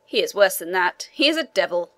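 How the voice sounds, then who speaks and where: A man's voice: sits high, very animated, a little fast, pushed and bright, heavily acted. A woman reading the part of a blunt man, a prison turnkey, in an audiobook.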